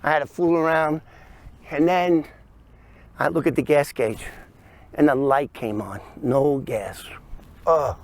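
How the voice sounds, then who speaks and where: A man tells a first-person story, acting out scenes with sound effects and quick voices. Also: fairly high pitch. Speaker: storyteller recounting his past.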